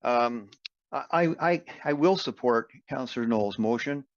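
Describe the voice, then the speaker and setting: A man's voice: mid-range voice, a little slow, dry recording. A man addresses a town council politely and formally as a councillor. His audio is dull and lo-fi, with a dry, dead sound and no room around it. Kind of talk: council debate speech.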